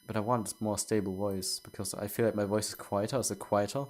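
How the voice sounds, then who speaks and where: A man talks to his live-stream viewers in a slightly low voice. His speech is casual and halting, and he often repeats words as he checks in with the chat. He keeps putting questions to them. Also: steady tone, darkish tone. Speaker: game streamer.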